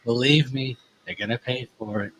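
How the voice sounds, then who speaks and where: A man's voice: mid-range voice, fairly bright tone, slight background noise, pitched below the performer's own voice, lightly acted, rough recording. A man putting on a boastful older politician, blustering and repetitive, drawing out self-assured catchphrases. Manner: drawn-out, self-assured catchphrases with sweeping promises.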